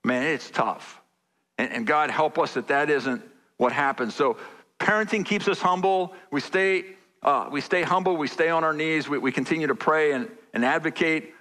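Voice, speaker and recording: Pastor preaching in an echoing church. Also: male voice, on the high side, moderate pace, pushed and bright. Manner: conversational preaching, repeats phrases for emphasis. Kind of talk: sermon. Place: large church sanctuary. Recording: church hall reverb.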